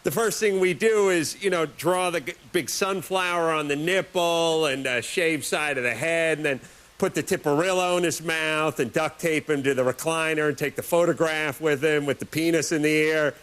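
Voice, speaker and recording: A man's voice: a little high, moderate pace. A man hosting a late-night show, delivering a rambling, sarcastic comic monologue. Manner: sarcastic, rambling, deadpan jokes.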